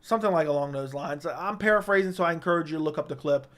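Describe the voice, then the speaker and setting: Young male streamer, higher voice, blunt quick takes, home studio mic. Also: fairly bright tone. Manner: blunt, opinionated, quick verdicts. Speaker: livestream host reading viewer comments. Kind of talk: casual livestream chat. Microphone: studio microphone.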